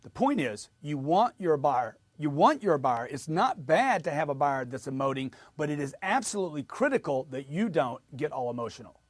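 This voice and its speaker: A man's voice: a little high, sing-song, normal speed, hardly any pauses, no echo. A man giving an emphatic motivational sales lesson, repeating his points as he coaches. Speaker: sales trainer.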